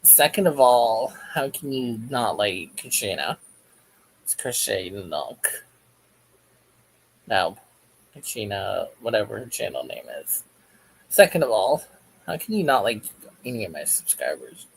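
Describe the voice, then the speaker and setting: A man's voice: fairly low pitch, sing-song, a little slow, gravelly, long pauses, breathy edge, poor audio. A man hosting a crochet livestream, chatting casually and jokily while reading the live chat aloud as he works.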